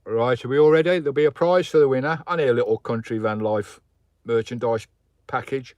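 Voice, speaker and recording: A man's voice: mid-range voice, a little fast, darkish tone, dry recording, dull audio. A man hosting a casual live stream from his campervan, rambling between his viewers and his dog. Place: inside a campervan.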